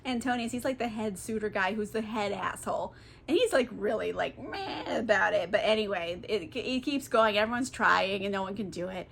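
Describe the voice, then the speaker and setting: A woman's voice: mid-range voice, a little fast, creaky, a bit bright, slight background noise. A young woman, a little tipsy, retelling a classic book in a casual, profane, rambling way. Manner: profane, rambling, lots of fillers. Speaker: book vlogger.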